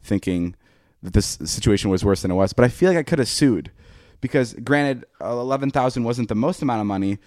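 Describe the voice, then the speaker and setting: A man's voice: medium pitch, a little fast, no room sound, studio quality. A man in his twenties, a podcast host, telling a long story in casual chat, swearing often and acting out what people said. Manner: profane, animated, acts out quoted dialogue.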